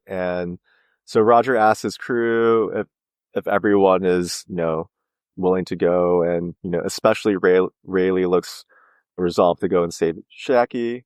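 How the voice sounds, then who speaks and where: A man's voice: low voice, fairly even intonation, unhurried, a little mellow, smooth, no room sound. A man co-hosting a podcast, recapping a story in loose casual chat full of "like" and "you know". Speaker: podcast co-host.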